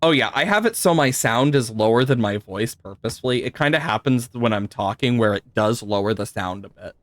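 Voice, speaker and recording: Male streamer, casual and animated, quick laughs and mild swearing, dry mic. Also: mid-range voice, no echo. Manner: chatty, laughs often, swears, talks to chat. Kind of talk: live gameplay commentary.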